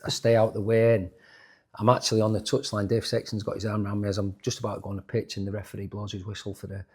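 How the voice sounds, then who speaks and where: A man's voice: on the low side, completely flat delivery, fast talker, slightly rough. A man of around sixty, a former footballer telling stories in an interview, restarting and repeating words as he goes. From England. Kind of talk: storytelling in a sports interview.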